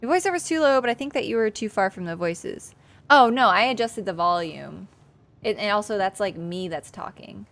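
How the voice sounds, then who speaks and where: Animated woman streaming her own game. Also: medium pitch, normal speed. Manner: chatty, self-mocking, talks to the game. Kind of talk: casual gameplay livestream. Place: sunny room.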